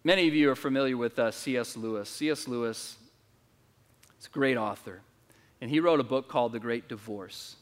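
A male pastor preaching to a church congregation, storytelling in an earnest way with restarts and his pitch in a middle range. The sound is soaked in long church-hall reverb. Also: fairly quick. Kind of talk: sermon. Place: church service.

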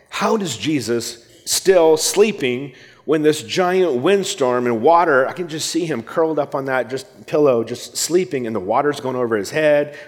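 A male pastor works through a passage verse by verse, slipping into lively re-enactments of the panicked disciples. His voice sits at an ordinary middle pitch. It carries a long reverb, as if heard in a large hall. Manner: animated storytelling, acting out the disciples' panic. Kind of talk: expository sermon.

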